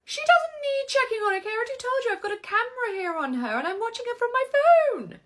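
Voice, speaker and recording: A woman's voice: very high-pitched, big pitch swings, quick pace, a bit bright, pitched above the performer's own voice, full character voice. A woman doing a breezy, dismissive mother. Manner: breezy, dismissive, sing-song. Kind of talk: comedy sketch acting.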